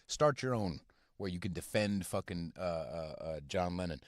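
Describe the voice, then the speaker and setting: A man hosting a podcast from inside his car, ranting casually and profanely in a halting, rambling way full of fillers. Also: deep voice, animated, dry recording, studio quality. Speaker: podcast host. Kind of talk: casual rant.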